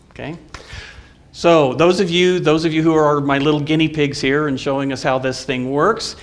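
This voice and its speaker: A man in a middle-pitched voice gives a lecture to a live audience as a college professor would. He speaks in a friendly, halting way, with frequent filler sounds and restarts. He pauses now and then to quiz his listeners.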